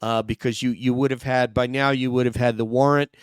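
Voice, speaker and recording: A man's voice: medium pitch, flat delivery, a little fast, clear, resonant tone, no room sound, studio quality. A man hosting an online true-crime show in casual, loose chat. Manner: loose, chatty, laughs easily. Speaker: host.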